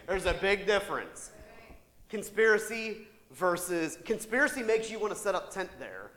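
A pastor preaching a sermon to his congregation, animated and tossing in rhetorical asides with the odd laugh. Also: sits high, normal speed, in a large hall.

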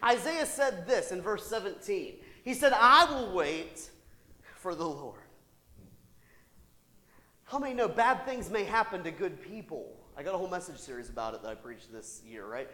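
A pastor preaching a sermon to his congregation, animated and tossing in rhetorical asides with the odd laugh. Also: sits high, fairly quick, hardly any pauses, in a large hall.

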